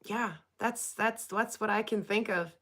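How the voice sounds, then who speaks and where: A woman's voice: medium pitch, fairly even intonation, a little slow, a bit bright, a little hiss or hum. A woman hosting her rock hobby livestream, chatting casually in a rambling, giggly way with many fillers. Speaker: rock hobby channel host.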